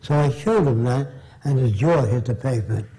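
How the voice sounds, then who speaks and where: A man's voice: mid-range voice, lively intonation, normal speed, warm tone, low-quality recording. An older man giving a lecture answer full of anecdotes, blunt and storytelling, acting out the people he quotes.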